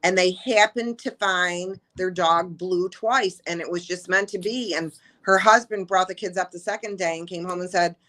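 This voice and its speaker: A woman's voice: on the low side, normal speed, few pauses, a bit bright. A woman from the shelter staff sharing an adoption story with heartfelt emotion in a casual interview.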